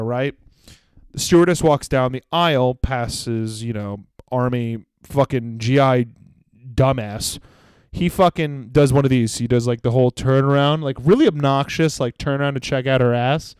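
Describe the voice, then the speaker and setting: A young man hosting a comedy podcast, ranting crudely and mocking people with quick impressions. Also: medium pitch, a little mellow, clear, resonant tone, no room sound, clean studio sound. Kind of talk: solo comedic rant.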